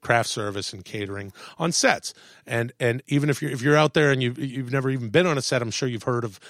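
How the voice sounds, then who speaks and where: A man in a casual podcast chat, telling animated stories, swearing freely and acting out what people said. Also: medium pitch, fast talker, no echo, studio quality. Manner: animated storyteller, swears, acts out quotes. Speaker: podcast guest, actor and comedian. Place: podcast studio.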